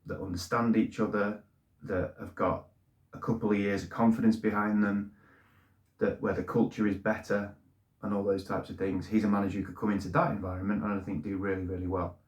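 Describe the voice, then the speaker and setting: Man, middle-aged, low pitch, repeats words, casual monologue, roomy echo. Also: flat delivery, fairly quick. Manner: plain-spoken, repeats words when emotional. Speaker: football fan channel host. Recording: echoey room.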